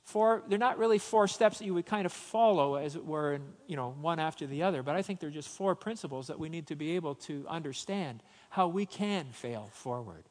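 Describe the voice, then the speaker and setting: A man's voice: on the high side, expressive, brisk, few pauses, a little mellow, in a large hall. A man preaching a sermon, telling a personal story and then urging his listeners with rising emphasis. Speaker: pastor.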